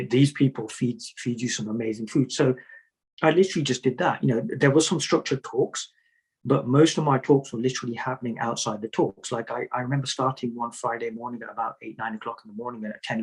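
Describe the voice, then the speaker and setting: Guy with a husky voice, sufi teacher type, chatty stories, keeps repeating himself. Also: medium pitch, low-quality recording. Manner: storytelling, repeats words, jokey asides. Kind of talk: conversational interview answers.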